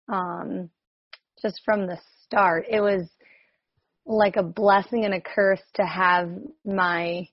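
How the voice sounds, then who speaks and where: A woman's voice: mid-range voice, dry recording. Sex: woman. Origin: New Jersey. Role: coach. Style: casual sharing on a video call. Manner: rambling, self-questioning, lots of "like". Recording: dry, slightly dull call audio. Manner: rambling and self-questioning, many "like"s, laughs often.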